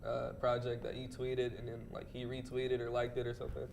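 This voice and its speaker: A man's voice: mid-range voice, monotone, a little fast, gravelly, a crowd in the background. A young man with a stuffy, nasal voice from a cold, co-hosting a casual music commentary show and leading the segments with an upbeat tone. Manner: upbeat, laughs often, leads the segments. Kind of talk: casual chat.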